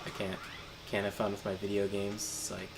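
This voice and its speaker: Animated, rambling male storyteller. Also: lowish voice, fairly quick, gravelly, noisy background. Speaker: gaming channel co-host. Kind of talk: casual chat while streaming a game.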